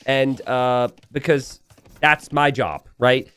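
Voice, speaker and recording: A young adult man talks through a strategy game replay in a loose, chatty way. His pitch swings widely as he tells the story, and he peppers it with "uh" and quick restarts. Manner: chatty, animated storytelling with frequent "uh" fillers. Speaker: game commentator. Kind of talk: casual gameplay commentary.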